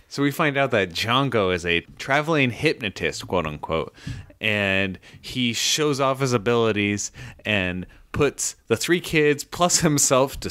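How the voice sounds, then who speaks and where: Bright-voiced man co-hosting a podcast. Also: on the low side. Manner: laid-back, self-mocking, summarizes haltingly. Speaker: podcast co-host. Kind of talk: casual podcast chat.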